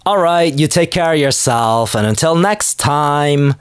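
A man's voice: on the high side, expressive, takes it slowly, clear, resonant tone, dry recording, studio quality. A man hosting a comedy podcast, rambling through jokes in a self-mocking way. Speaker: podcast host.

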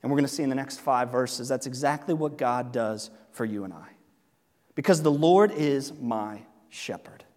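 A middle-aged man preaching a sermon as pastor, in a lively, conversational way with jokes and laughs. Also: mid-range voice, normal speed. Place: church sanctuary. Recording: long reverb of a large hall.

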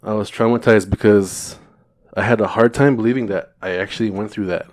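A man telling a personal story on a podcast as a guest, animated and loose, swearing and stumbling over fillers and restarts. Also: on the low side, brisk. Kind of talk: casual storytelling.

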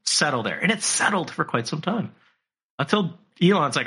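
A man's voice: fairly high pitch, lively intonation, moderate pace, bright, forceful tone, breathy edge. A man chatting casually on a podcast, telling a story with lots of profanity and slipping into mocking voices for the people he quotes.

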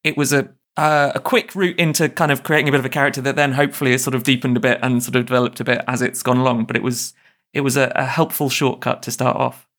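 Rambling man with a gravelly voice. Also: mid-range voice, little pitch movement, fast, fairly bright tone. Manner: rambling, fills with "like". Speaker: podcast guest, tabletop player. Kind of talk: casual group discussion.

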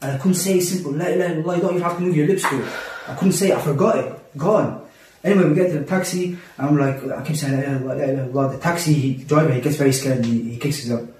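A man's voice: on the high side, very fast, darkish tone, a little hiss or hum. A man telling an intense personal story in casual podcast talk, repeating himself and dropping in Arabic religious phrases. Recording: echoey room, mic at a distance.

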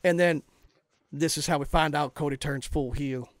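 A man's voice: fairly high pitch, normal speed, dry recording, clean studio sound. A man co-hosting a wrestling podcast, telling wild made-up scenarios in casual chat. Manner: animated storyteller, acts out scenes.

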